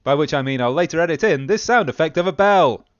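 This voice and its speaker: A man hosting a comedy panel podcast, reading scripted links in a wry, deadpan way. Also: a little high, fast talker, highs cut off. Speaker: host.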